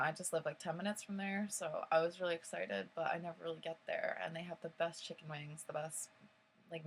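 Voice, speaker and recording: A woman's voice: deep voice, creaky, fairly bright tone, slight background noise, low-quality recording. A young woman telling a personal story in casual vlog style, rambling with lots of fillers and swearing. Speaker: vlogger.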